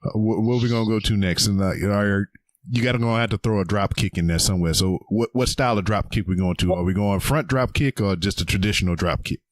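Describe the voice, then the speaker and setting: A laid-back man in casual podcast chat, crude and easygoing, often answering in short bursts. His voice sits low. The sound is dry and close, with no room in it. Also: quick pace, dry recording.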